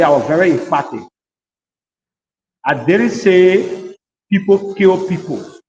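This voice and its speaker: A man's voice: fairly high pitch, darkish tone. A man speaking as a guest, insistently defending his own statement. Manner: insistent, repetitive. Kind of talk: defending himself on a talk show. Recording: roomy reverb, dull lo-fi audio.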